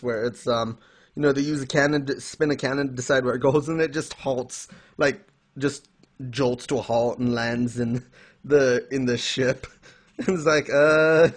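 Male podcast co-host, mid-pitched, rambling with fillers and chuckles. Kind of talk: casual chat.

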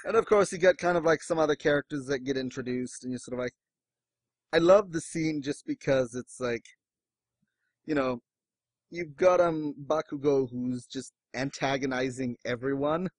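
A man chatting casually about manga as a podcast co-host, animated and breaking into exaggerated high voices when he quotes someone. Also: normal speed, no room sound.

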